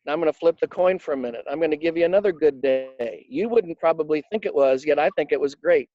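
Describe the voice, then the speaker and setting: A man's voice: a little high, fast talker, no room sound. Emphatic storytelling man, dull lo-fi audio. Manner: emphatic, animated anecdote telling with acted-out quotes. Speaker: interview guest, financial advisor coach. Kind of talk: conversational interview storytelling.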